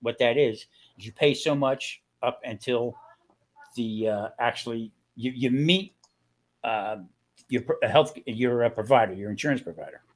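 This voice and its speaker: A man's voice: mid-range voice, moderate pace. An older man chatting casually on a video call, a rambling storyteller who grumbles and complains. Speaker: guest. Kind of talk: casual chat.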